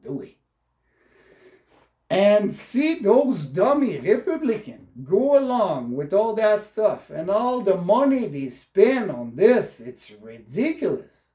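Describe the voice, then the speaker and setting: A French Canadian man speaks slowly in a mellow, fairly high voice, pausing and restarting as he airs his indignant political opinions. The sound is echoey, as if he were in a bare room. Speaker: political vlogger. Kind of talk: opinionated monologue.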